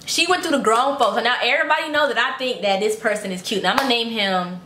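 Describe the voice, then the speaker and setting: A young adult woman telling a casual storytime vlog, animated, acting out quotes in high voices and swearing freely. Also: fast. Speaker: vlogger. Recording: echoey room, faint background noise.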